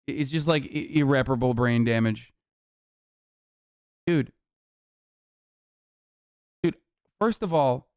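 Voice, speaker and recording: A man's voice: mid-range voice, clear, resonant tone, no echo, studio quality. A young adult man streaming, ranting heatedly and profanely at his chat in casual reaction commentary.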